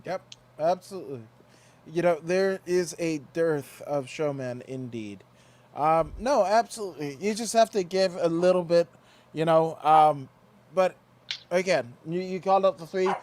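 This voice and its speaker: A man's voice: fairly high pitch, unhurried, darkish tone. Rambling, profane man on a fight show. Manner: rambling, profane, filler-heavy. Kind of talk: casual post-fight show chat.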